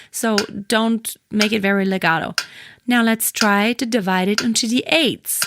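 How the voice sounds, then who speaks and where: A woman's voice: fairly high pitch, normal speed, noisy background. A woman giving a singing lesson, explaining rhythm and demonstrating with sung syllables and counted beats. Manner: counts and sings syllables to a metronome between explanations. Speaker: singing teacher. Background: metronome clicks.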